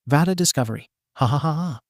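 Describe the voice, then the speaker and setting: A man's voice: mid-range voice, normal speed, a little mellow, no room sound, studio quality, natural voice. A man voicing a mischievous, cartoonish teenage boy hero who talks in a theatrical, mocking way.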